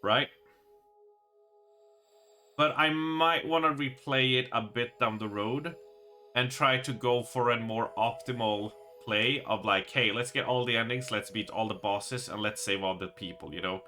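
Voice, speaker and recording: A man live-streaming a horror game, reading its narration aloud and reacting with excited exclamations and swearing. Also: mid-range voice, measured pace, faint music behind.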